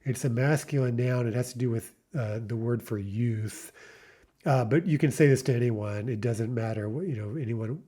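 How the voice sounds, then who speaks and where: A man with a mellow, relaxed voice leads a beginner language lesson. He explains each phrase patiently and says it again slowly so learners can follow. His pitch sits in an ordinary middle range. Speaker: Russian language teacher.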